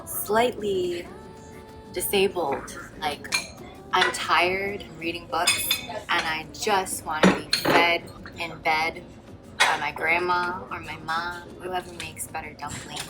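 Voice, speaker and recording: A woman's voice: lowish voice, fairly even intonation, slow, loud music behind the voice. A young woman vlogging as she tastes food, talking casually and humming between bites. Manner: enthusiastic, savoring, murmurs and hums between bites. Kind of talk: casual food tasting vlog.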